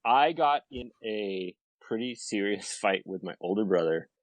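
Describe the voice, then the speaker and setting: Man, lowish voice, dry close sound, rambling anecdote, casual podcast. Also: a little slow, no room sound, low-quality recording. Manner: rambling, animated storytelling with many fillers. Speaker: podcast guest. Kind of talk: casual storytelling chat.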